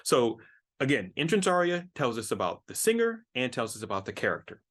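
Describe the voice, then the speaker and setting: A man's voice: mid-range voice, sing-song, fairly quick, fairly bright tone. A middle-aged man, a music professor, giving an enthusiastic explanatory lecture, often repeating words as he thinks. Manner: enthusiastic, repeats words while thinking, sings short snippets.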